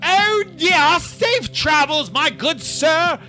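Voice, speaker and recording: A man doing an exaggerated English accent as a prim, overly polite English gentleman. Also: very high-pitched, expressive, slow, soft background music, voice pushed up, exaggerated voice. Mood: genteel farewell.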